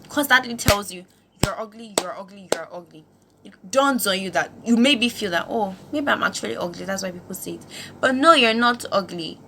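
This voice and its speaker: A woman's voice: medium pitch, sharp tone, a little hiss or hum. A woman from Nigeria hosting her own channel, giving an emphatic motivational talk full of rhetorical questions. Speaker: host.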